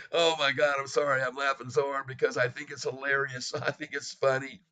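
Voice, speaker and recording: A man hosts a live stock market commentary with a bright, forceful voice. He reads out ticking prices and mocks the short sellers, laughing often. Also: mid-range voice. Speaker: stock market livestream host.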